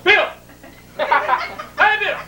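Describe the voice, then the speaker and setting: A man's voice: very high-pitched, sing-song, very slow, sharp tone, roomy sound, recorded from a distance, slight background noise, pitched above the performer's own voice, exaggerated voice. A man putting on his fretful, overheated father calling out from bed. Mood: pleading. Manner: plaintive, calling out repeatedly. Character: hot, fretful big farm father in bed.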